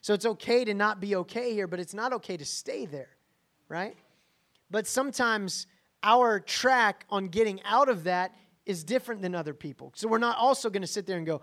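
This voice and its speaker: Pitched high and fairly bright, this male pastor speaks at a moderate pace with lively intonation. His sermon is forceful but chatty, peppered with "right?" as he checks in with the congregation.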